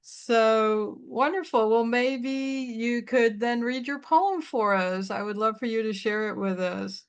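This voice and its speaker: A woman's voice: a little high, slow pace, hardly any pauses, clean tone. Encouraging woman interviewer. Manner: encouraging, affirming replies, soft laughs. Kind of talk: interview chat.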